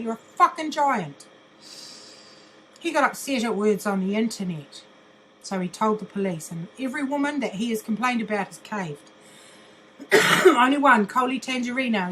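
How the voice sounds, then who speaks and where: A woman's voice: a little high, bright, forceful tone, slight background noise, poor audio. An older woman, ranting bluntly in a monologue, mocking and swearing constantly, laughing often. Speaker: vlogger.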